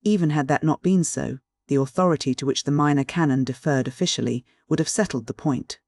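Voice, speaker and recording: A man reading an audiobook in measured, even storytelling. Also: fairly high pitch, dry recording, clean studio sound. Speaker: audiobook narrator. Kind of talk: scripted audiobook narration.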